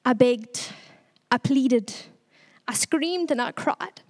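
Woman, high voice, young adult, church testimony, earnest, tearful, halting. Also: animated, a little mellow. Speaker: speaker giving a testimony.

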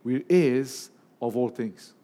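A man preaching a sermon in a lively, humorous way, with asides and jokes. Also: medium pitch, takes it slowly, long reverb tail.

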